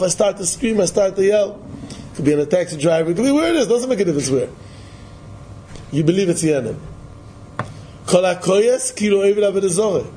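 Male Torah lecturer, lively sing-song preaching, slightly high voice over faint room noise. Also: poor audio. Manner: animated, repetitive, sing-song emphasis, mixes Hebrew and Yiddish terms. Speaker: Torah teacher. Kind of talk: Yiddish-inflected Torah lecture.

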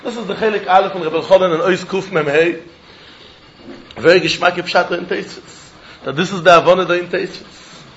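A man leads a Talmud lesson, his voice pitched unusually high. He argues in a lively, sing-song study cadence and often laughs through his points. A faint hiss of noise sits under the recording. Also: moderate pace, highs cut off. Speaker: Talmud teacher.

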